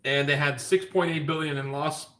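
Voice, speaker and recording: Bright-voiced man explaining stock markets. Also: a little high, fairly even intonation, normal speed. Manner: conversational and blunt, with joking asides. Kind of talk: daily market update, casual explanation.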